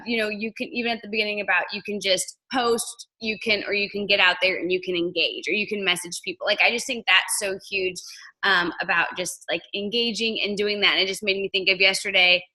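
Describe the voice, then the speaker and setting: A woman's voice: medium pitch, a little fast, pushed and bright. A woman guest sharing a casual story, bubbly and a little self-conscious, with a lot of "like". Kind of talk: casual anecdote to an audience.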